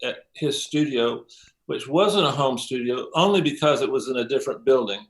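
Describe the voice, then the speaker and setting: An older man, a mix engineer as interview guest, telling stories in a lively way, acting out quotes, with many ums and some swearing. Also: mid-range voice, normal speed. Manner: animated storyteller, acts out quotes, frequent ums and profanity. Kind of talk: casual interview storytelling.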